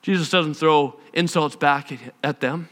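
A male preacher with a high, bright, clear voice, telling the story with animated emphasis and repetition. His sermon carries long reverb in a church hall. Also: measured pace. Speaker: pastor.

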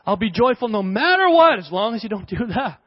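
A young man preaching a sermon as a pastor, animated and conversational with playful asides. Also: sits high, a little fast, dry recording. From Canada. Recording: dry, dull lo-fi sound.

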